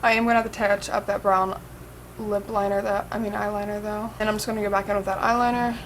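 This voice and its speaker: A woman's voice: mid-range voice, little pitch movement, quick pace, slight background noise, low-quality recording. A young woman chatting casually through a makeup tutorial, swearing and saying "like" and "um" a lot. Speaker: makeup vlogger.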